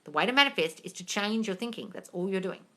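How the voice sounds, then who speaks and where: A bright-toned young woman chats through a live Q&A with blunt, profane advice. Her pitch leaps widely and she bursts into loud excitement without warning. She keeps addressing her viewers as darling. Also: fast talker. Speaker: livestream host answering viewer questions. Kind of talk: casual live Q&A chat.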